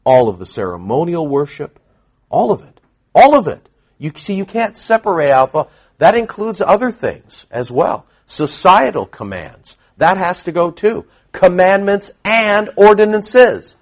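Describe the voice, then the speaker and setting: Male pastor, high and expressive, delivering an emphatic sermon. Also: a little slow. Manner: animated, emphatic preaching with rhetorical questions.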